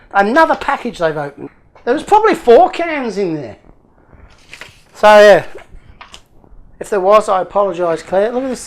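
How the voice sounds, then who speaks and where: Chatty man unboxing parcels. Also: sits high. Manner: chatty, jokey, thinking aloud. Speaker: YouTube hobby channel host. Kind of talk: casual unboxing chat.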